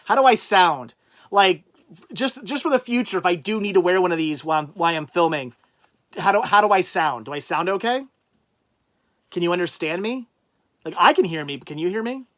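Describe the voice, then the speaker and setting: A man hosting a casual livestream, rambling and thinking out loud as he reads out and answers viewers' chat comments. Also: high voice, lively intonation, brisk. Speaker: livestream host.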